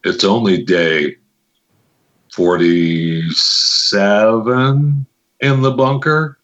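A man's voice: low voice, fairly bright tone, lo-fi sound. A man hosting a podcast in a casual, joking way, chatting loosely and fiddling with his mic on air. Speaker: podcast host.

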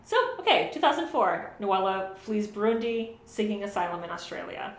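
A woman's voice: mid-range voice, expressive, moderate pace. A woman co-hosting a podcast, telling a true story in casual chat, swearing and laughing at herself. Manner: swears casually, laughs often, self-deprecating. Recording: roomy with faint noise.

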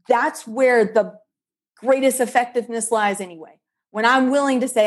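A woman's voice: a little high, moderate pace. A woman guest on a faith-based leadership podcast, talking in emphatic, preacher-like bursts.

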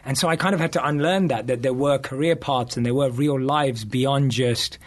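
A man's voice: mid-range voice, normal speed. Eager rambling man, podcast guest. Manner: eager, rambling, thinks aloud. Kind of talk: casual podcast interview.

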